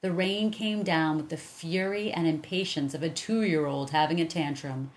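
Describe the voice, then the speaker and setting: Low-voiced woman reading a story. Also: normal speed. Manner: calm, even storytelling. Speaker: narrator. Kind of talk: reading a children's chapter book aloud.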